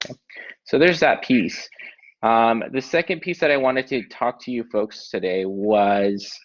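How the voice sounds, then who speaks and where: A man teaching a Spanish class online, explaining tasks in a relaxed way with many filler ums. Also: medium pitch, unhurried. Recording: dull lo-fi online lesson audio.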